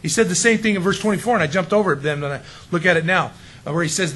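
High-voiced emphatic male pastor. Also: fast, fairly bright tone, slightly rough, low-quality recording. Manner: emphatic, conversational, frequent rhetorical questions. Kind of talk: sermon.

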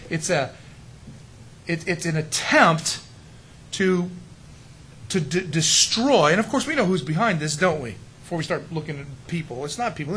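Middle-aged man, pastor preaching a sermon, high voice, emphatic and conversational, rhetorical questions, faint noise behind. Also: fairly bright tone, rough recording.

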